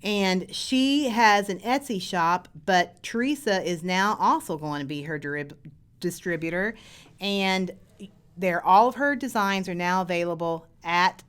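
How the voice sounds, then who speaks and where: A woman hosting a casual live chat, excited and gushing. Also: fairly low pitch, measured pace, clean tone. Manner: gushing, excited, laughs easily. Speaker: host.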